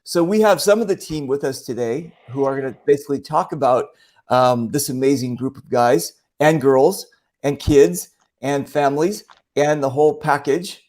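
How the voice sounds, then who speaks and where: A man's voice: medium pitch, moderate pace, darkish tone. A man hosting a casual online show, telling stories in a rambling way with many fillers and acting out other people's voices. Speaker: show host. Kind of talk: casual storytelling chat.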